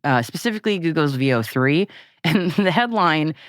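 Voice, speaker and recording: A lively woman co-hosting a podcast, talking in a casual, animated way with plenty of laughter and quick restarts. Her pitch swings up and down freely as she talks. The recording is close and dry, with no room sound. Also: no echo. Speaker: podcast co-host. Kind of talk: casual chat.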